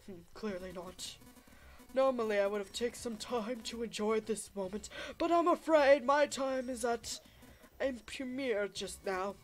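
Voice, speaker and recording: A woman voicing a smug, cruel older man who speaks with slow, polite menace. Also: a little high, faint music behind, close to an everyday voice. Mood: taunting.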